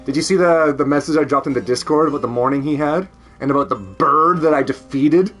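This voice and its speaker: A man's voice: mid-range voice, a little fast, a bit bright, faint music behind. A man with a Canadian accent chatting casually at home on a stream, rambling, laughing often and swearing freely. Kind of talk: casual chat.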